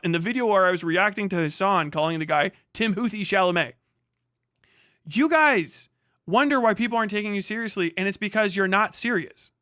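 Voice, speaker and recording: A man's voice: sits high, bright, forceful tone, dry recording, clean studio sound. A man streaming live, ranting angrily with heavy profanity and sarcasm as he reacts to an article.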